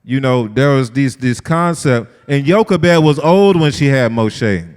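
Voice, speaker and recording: A man teaching a lively, conversational sermon-style lesson and asking his group questions. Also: mid-range voice, measured pace, smooth. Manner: lively, talks straight to the group, asks them questions. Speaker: Bible study teacher. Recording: long hall reverb.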